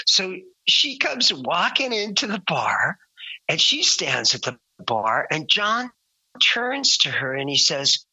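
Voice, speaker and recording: Musician guy telling a lively story, acts out the voices, super bright tone, slightly muffled lo-fi sound. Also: fairly high pitch, slow, breathy edge, no room sound. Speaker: musician and author. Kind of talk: telling an anecdote.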